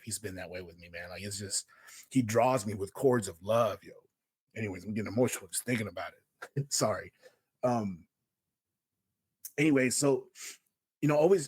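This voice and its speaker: A man's voice: medium pitch, slightly rough, no room sound. A man from Houston, hosting a casual Bible message and talking in a slangy, conversational way full of fillers. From Houston, Texas. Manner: slangy and conversational, fills with "man", "yo", "you know what I mean". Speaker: host.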